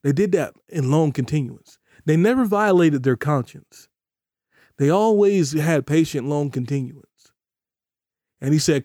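Preacher guy, mellow low-ish tone, dry close mic, leans hard on his points and slows way down on verses. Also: animated, no echo. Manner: emphatic preaching, voices imagined questioners in a high pitch; slows down to stress scripture. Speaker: pastor. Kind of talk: podcast sermon.

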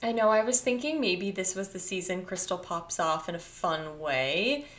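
A woman co-hosting a podcast in casual chat, measured and reflective in her takes. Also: lowish voice, animated, a bit bright. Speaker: podcast co-host.

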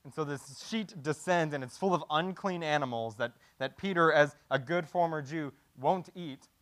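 A man preaches in a loose, conversational way, breaking off to repeat words and to ask rhetorical questions. His voice sits slightly higher than most men's. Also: normal speed, a bit bright. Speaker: pastor. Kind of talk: sermon.

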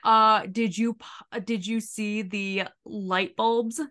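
A woman co-hosting a casual podcast, recapping a reality show in an animated, profane way and acting out quotes. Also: mid-range voice, slow pace. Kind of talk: casual chat.

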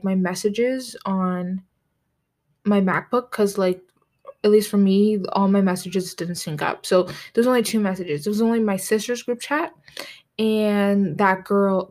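A woman's voice: medium pitch, a little mellow. A teenage girl from the United States hosting her own podcast from her desk at home, rambling casually with lots of "like" fillers. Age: late teens. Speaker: podcast host. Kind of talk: casual solo podcast talk.

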